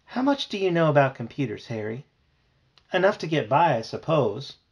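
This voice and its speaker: A man reading aloud and voicing a polite, gentle grandmotherly retired teacher with a husky voice. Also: on the high side, sing-song, moderate pace, muffled recording, exaggerated voice. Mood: confiding, worried. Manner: gentle, fussy, hospitable.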